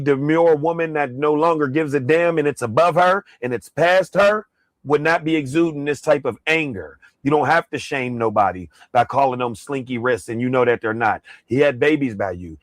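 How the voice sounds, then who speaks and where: A man's voice: mid-range voice, no room sound. A man in a played clip, ranting in a heated, mocking way and swearing heavily. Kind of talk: ranting reaction commentary.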